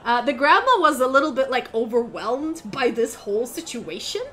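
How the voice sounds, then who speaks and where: A woman's voice: fairly high pitch, sing-song, normal speed, a bit bright. A woman narrating as game master of a tabletop role-playing game, chatty with many fillers.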